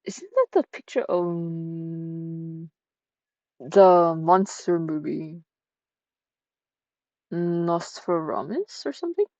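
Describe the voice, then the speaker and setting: A woman's voice: fairly low pitch, lively intonation, slow, long pauses, warm tone, dry recording, muffled recording. A woman streamer reacting to a story game in a playful, giggly way, swearing freely.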